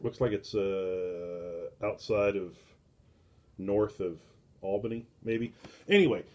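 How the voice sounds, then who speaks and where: Slow, rambling man reviewing comics. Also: sits low, darkish tone. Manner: rambling, many filler words and restarts; slow and deliberate. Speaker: book club host.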